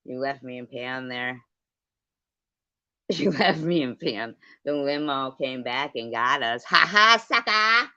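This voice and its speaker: A middle-aged woman hosts a livestream, chatting casually, telling stories, and answering viewers while laughing often and swearing freely. Her bass voice is steady, slow, and a bit bright, with no echo. The computer mic gives dry, dull lo-fi stream audio.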